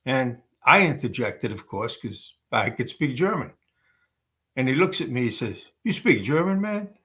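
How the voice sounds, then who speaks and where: A man's voice: mid-range voice, very animated, moderate pace, pushed and bright. A man, an actor, telling casual anecdotes on a webcam call, rambling with many fillers and restarts. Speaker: actor guest.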